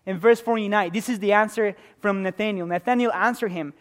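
Young male pastor, high voice, earnest sermon delivery with dynamic swings. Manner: earnest, swings from loud emphasis to soft, slow intimacy.

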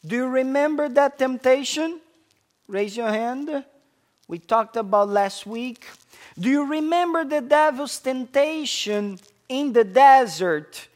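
A man preaching a sermon as pastor, slow and emphatic, asking the congregation questions and dropping to a soft hush on key phrases. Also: extremely high pitch, expressive.

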